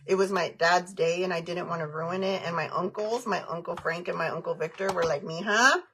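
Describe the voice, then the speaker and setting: A woman's voice: fairly low pitch, steady tone, fairly quick, a little hiss or hum. A woman chatting on a livestream, answering viewer comments in a frank, heated, rambling way.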